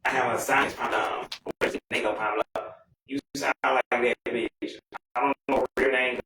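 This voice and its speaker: A man's voice: medium pitch, fairly even intonation, moderate pace. A man ranting bluntly and profanely in casual chat. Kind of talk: casual rant. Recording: echoey room with faint noise.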